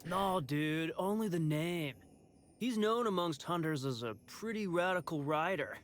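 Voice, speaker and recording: A laid-back young surfer-dude rider in a video game. His voice sits a little high and rolls out in an unhurried, easy drawl. A faint hiss runs under it. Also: expressive. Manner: slow, mellow surfer drawl.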